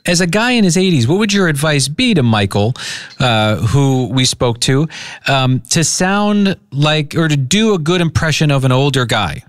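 Male radio host, slightly high voice, upbeat and quick to laugh, dry studio mic. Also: sing-song, no room sound. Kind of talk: casual radio chat.

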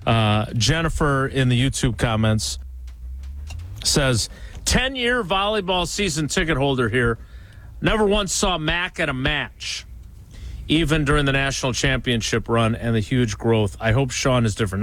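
A man hosting a sports talk show, asking long, rambling questions with fillers. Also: mid-range voice.

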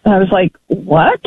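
A woman calling in to a radio talk show, telling her story in an emphatic, animated way and laughing often. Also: on the high side, no room sound. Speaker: caller. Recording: tinny phone line.

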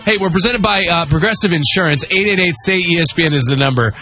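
A man hosting a sports radio show, talking in an animated way and reading ad copy briskly. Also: high-pitched, soft background music. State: losing his voice.

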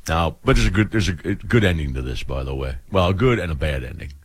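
A man's voice: a bass voice, expressive, fast talker, breathy edge, no room sound, clean studio sound. A man hosting a casual talk show, rambling and laughing through his stories. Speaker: radio show host. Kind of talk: casual morning-show banter.

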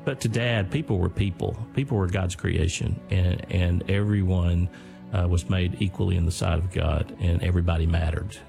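An older man earnestly telling the story of his father's wartime stand, speaking in a deliberate way. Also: sits low, fairly even intonation, creaky, over music. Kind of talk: storytelling talk.

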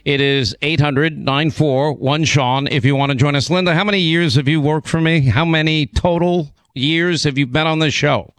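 A man hosting a radio talk show, chatting casually with a hoarse voice, repeating words and rushing through stretches. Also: on the high side, fairly bright tone, dry recording. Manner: rambling, repeats words, talks fast in bursts. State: hoarse, recovering from laryngitis. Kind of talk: casual on-air chat. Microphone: studio broadcast mic.

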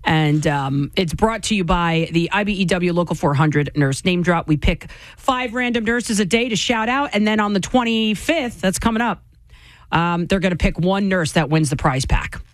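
A woman hosting a radio show, reading segments in a brisk, matter-of-fact way. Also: fairly low pitch, lively intonation, no echo. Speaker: radio host.

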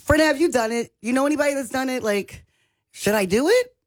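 A woman's voice: sits high, brisk, dry recording. A woman radio host chatting casually and playfully, joking about herself. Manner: playful, self-mocking, animated.

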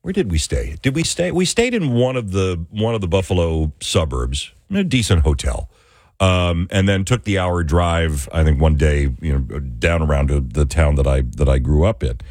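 A man's voice: a bass voice, animated, normal speed, darkish tone, dry recording, clean studio sound. A man from Western New York hosting a morning radio show, chatting casually and rambling with restarts.

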